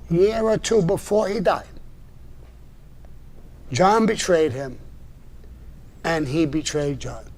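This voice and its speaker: Gruff, profane older New man. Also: high-pitched, darkish tone. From New York. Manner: profane, combative and indignant, with short gruff laughs. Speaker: live show host answering viewer messages. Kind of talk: blunt livestream monologue.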